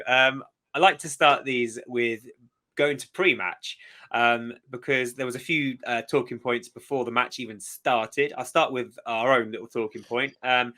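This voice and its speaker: A man's voice: mid-range voice, pushed and bright. A man hosting a casual fan podcast, upbeat and leading the talk with questions. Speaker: podcast host.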